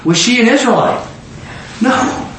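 A man preaching a sermon as pastor, talking with the congregation and acting out scenes with sudden shouts. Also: very high voice, unhurried. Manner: animated, acts out biblical scenes with shouts. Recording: echoey room with faint noise.

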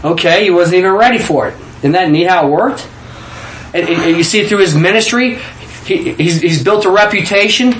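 Animated man preaching in an echoey room. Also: high voice, moderate pace. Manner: animated, repeats words when excited, southern 'y'all'. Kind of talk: informal sermon with testimony. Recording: echoey room with faint background noise.

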